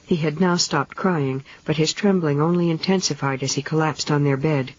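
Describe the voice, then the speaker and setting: A narrator reads a novel in a steady, measured way at a middling pitch. The recording is dull and lo-fi, like an old 1970s audiobook tape.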